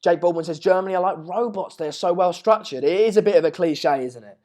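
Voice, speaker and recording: Chatty young streamer, a bit hoarse. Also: male voice, high-pitched, quick pace, darkish tone. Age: late teens. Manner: chatty, rambling, restarts mid-sentence, calls viewers mate and pal. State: slightly hoarse from shouting. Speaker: live stream host. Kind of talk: casual live match watch-along, reading out viewer comments.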